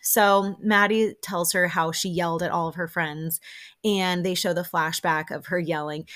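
A woman hosting a podcast, recapping a reality show in a chatty, animated way and acting out the quotes. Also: lowish voice, unhurried. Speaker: podcast host.

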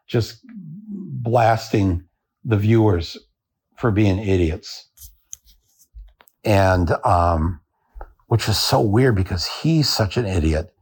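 A man hosting a podcast, delivering a satirical comic monologue in a dry, deadpan way. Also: lowish voice, drawn-out words, long pauses, husky. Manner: dry, deadpan telling with chuckles. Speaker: podcast host.

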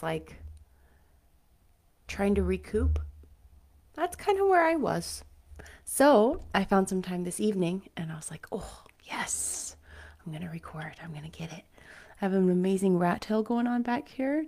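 A woman live-streaming a reading of a classic novel aloud, chatty and self-mocking between chapters and measured and expressive in the narration. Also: mid-range voice. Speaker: audiobook reader.

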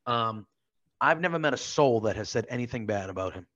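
A man's voice: mid-range voice, expressive, fairly quick, fairly bright tone. American male co-host, enthusiastic and effusive, somewhat muffled call audio. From United States. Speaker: podcast co-host. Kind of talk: casual chat. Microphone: video call.

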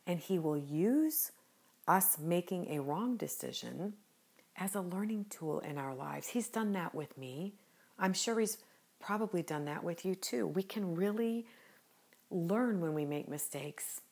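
Slow, low-voiced woman podcast host. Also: expressive, creaky. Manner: gentle, unhurried and earnest, smiling as she speaks. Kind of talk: devotional podcast talk.

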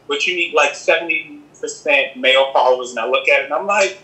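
A man speaking as an interview guest in a casual, sassy, animated chat, calling the listener "girl". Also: on the high side, fairly quick, few pauses. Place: home in Los Angeles. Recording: echoey room, distant from the mic.

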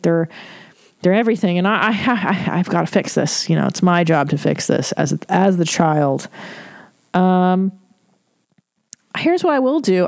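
A woman's voice: on the low side, a little mellow, no room sound, studio quality. A middle-aged woman hosting a podcast, giving candid advice on listener letters in a frank, emotional, freely swearing way.

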